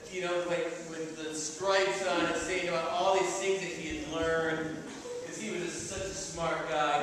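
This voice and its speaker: A man tells a folktale to a live audience with playful energy, and his voice is high for a man. He sounds distant in a big, reverberant hall. Steady noise sits under the whole recording. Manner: animated, playful, checks in with audience. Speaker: storyteller. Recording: echoey hall, mic far off, background noise.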